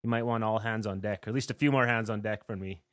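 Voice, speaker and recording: A man's voice: fairly low pitch, fairly even intonation, quick pace, a bit bright, no echo. Nasal guy hosting a podcast, jokey, laughs a lot, dry close sound. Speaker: podcast host. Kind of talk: casual interview chat.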